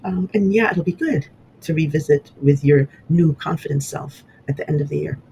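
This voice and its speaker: A man giving a casual horoscope reading, rambling and halting with many fillers and restarts, and getting emotional as he talks. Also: a little high, gravelly, a little mellow, slight background noise, rough recording. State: emotional, voice catching. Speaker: astrology reader.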